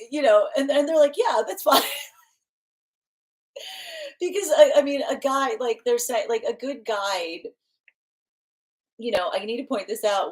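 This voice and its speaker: A woman's voice: on the high side, a little mellow. A woman giving a live tarot reading in a casual, rambling way, laughing often and restarting her sentences. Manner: giggly, rambling, frequent restarts. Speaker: tarot reader.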